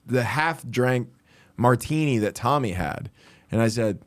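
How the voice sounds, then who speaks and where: A man co-hosting a comedy podcast, telling an animated story in casual chat and acting out the people in it. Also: mid-range voice, measured pace. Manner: animated storyteller who acts out quoted people, often laughing. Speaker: podcast co-host.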